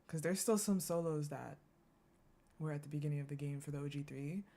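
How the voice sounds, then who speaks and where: Streamer woman reading and reacting loudly. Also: low voice, brisk. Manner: reads aloud, breaks off laughing and swearing. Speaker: gaming streamer. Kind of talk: casual story reading with reactions.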